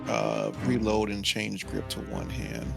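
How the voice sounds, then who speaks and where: A man's voice: fairly low pitch, sing-song, unhurried, gravelly. A man as a tabletop game player, talking in a laid-back way. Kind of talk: casual game talk. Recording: loud music behind.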